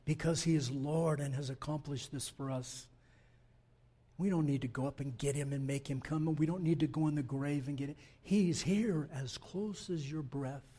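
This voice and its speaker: A man preaching a sermon as pastor, speaking in slow, emphatic phrases that build in volume. He addresses the congregation directly. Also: a little high, warm tone, husky.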